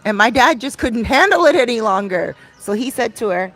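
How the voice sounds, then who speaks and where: A woman's voice: on the high side, very animated, a little fast, hardly any pauses, fairly bright tone, faint music behind. A middle-aged woman, a life coach, chatting casually to camera in a Q&A vlog and wandering off topic as she talks straight to her viewers. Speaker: soul coach hosting a Q&A vlog.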